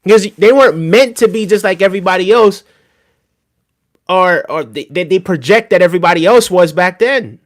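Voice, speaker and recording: Emphatic streamer, higher male voice. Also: moderate pace. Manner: emphatic, repeats "right?" often; reads and answers chat. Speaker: streamer reacting to video. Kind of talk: casual livestream reaction commentary.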